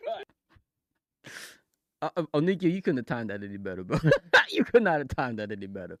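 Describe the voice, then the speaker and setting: Lively, rambling male streamer. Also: mid-range voice, brisk, long pauses, no room sound. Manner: rambling, laughs often, repeats phrases. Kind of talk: casual livestream chat.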